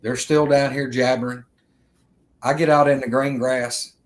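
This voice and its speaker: A man from with a mid-pitched voice. He tells a rambling, earnest story straight to his viewers, circling back and repeating himself as he goes. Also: steady tone, unhurried. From Alabama, US. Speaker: vlogger telling an encounter. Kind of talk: casual storytelling.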